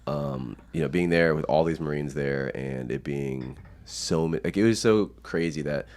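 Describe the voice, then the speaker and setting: A man's voice: rumbling low, moderate pace, a little mellow. A young American man, a podcast guest, telling stories casually, swearing often and laughing. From United States. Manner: profane, laughing storyteller. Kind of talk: casual storytelling.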